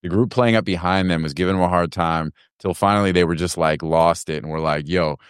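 A man's voice: deep voice, fairly quick, clean tone, dry recording, studio quality. A man hosting a casual chat with friends, joking around and laughing often. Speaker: podcast host.

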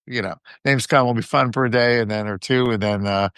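A man's voice: mid-range voice, steady tone, brisk, a bit bright, clean tone, dry recording, studio quality. A man co-hosting a casual podcast chat, easygoing and chatty. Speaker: podcast co-host.

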